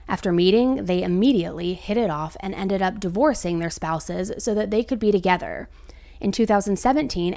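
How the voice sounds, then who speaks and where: A woman's voice: medium pitch, a little mellow. A woman hosting a true crime show, telling the case in a casual, chatty way with asides to her viewers. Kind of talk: true crime storytelling to camera.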